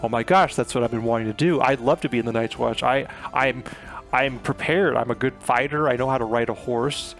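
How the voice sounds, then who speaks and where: A man's voice: mid-range voice, brisk, a bit bright, soft background music, close to an everyday voice. A man quoting a stubborn, proud teenage boy in a casual paraphrased way, in his own voice. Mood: eager.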